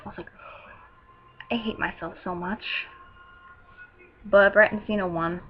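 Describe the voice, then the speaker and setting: A teenage girl recapping a wrestling show in a casual, gushing way, breaking into loud excited outbursts. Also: mid-range voice, dull audio, a little hiss or hum. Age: teens.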